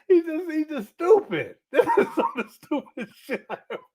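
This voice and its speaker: A man's voice: very high voice, sing-song, a little slow, darkish tone. A middle-aged man hosting a livestream, reacting to a clip with frequent laughter and chatting to viewers. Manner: laughs a lot, talks to chat viewers. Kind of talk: casual reaction commentary.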